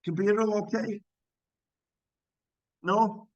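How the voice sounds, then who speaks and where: A man's voice: high voice, fairly even intonation, slow pace, dry recording, highs cut off. A man teaching physics in a live online class, checking students' answers with encouragement and working through problems step by step.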